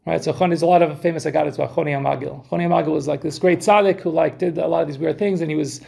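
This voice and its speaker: A man's voice: a little high, fairly even intonation, very fast, creaky, a little mellow. A man giving an informal Torah talk to a group, chatting and putting questions to his listeners. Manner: conversational, questions the audience, many restarts. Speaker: Torah class speaker.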